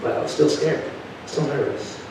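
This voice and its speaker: A male preacher telling a testimony in an animated storytelling manner, swinging from hushed to loud. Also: moderate pace. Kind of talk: sermon testimony. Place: church. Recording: echoey church from a distant mic with background rumble.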